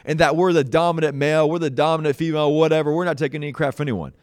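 A man's voice: on the high side, fairly even intonation, very fast, clear, resonant tone, no echo, clean studio sound. A young man, hosting a motivational podcast in a folksy, rambling way and often saying "y'all" and "man.". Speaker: podcast host. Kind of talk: casual motivational monologue.

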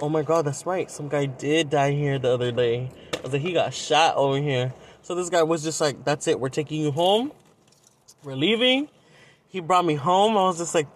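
A man's voice: a little high, slight background noise. A young man from Southern California, telling a dating story on a podcast in a blunt, profane, casual way. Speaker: podcast host.

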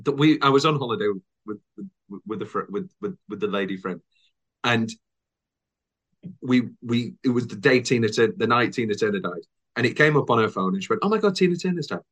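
A man's voice: lowish voice, a little fast, a bit bright. Rambling British man telling anecdotes. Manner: rambling storyteller, acts out quotes in silly voices. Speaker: podcast host. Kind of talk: casual chat, anecdotes.

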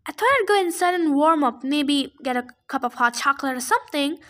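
A woman's voice: sits high, expressive, a little fast, a bit bright. A woman reading a novel aloud casually, adding her own chatty asides. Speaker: reader. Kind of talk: casual audiobook fan reading.

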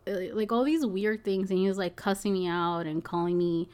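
A woman's voice: medium pitch, steady tone, normal speed, darkish tone, smooth. Young woman telling a story, says like a ton, casual and sweary. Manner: chatty, lots of "like" and "you know", swears, laughs often. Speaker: package delivery driver.

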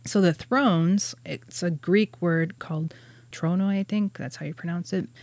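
A woman's voice: fairly low pitch, lively intonation, takes it slowly, dry recording. A woman co-hosting a podcast, casually explaining old religious texts, laughing often and stumbling over words. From Catholic churchgoer. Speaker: podcast co-host explaining angel hierarchy.

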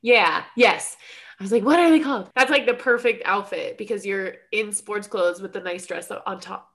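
A woman's voice: medium pitch, moderate pace, a bit bright. A woman co-hosting a casual chat, giggly and chatty, talking through a stuffy nose. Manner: chatty, giggly, uses "like" often. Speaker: podcast co-host.

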